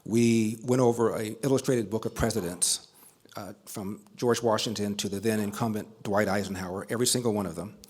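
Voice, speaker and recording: A man's voice: lowish voice, fairly even intonation, fairly quick, a little mellow, breathy edge. Man telling a family story to a crowd. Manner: builds emphasis with repetition. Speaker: speaker at a banquet. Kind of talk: storytelling speech.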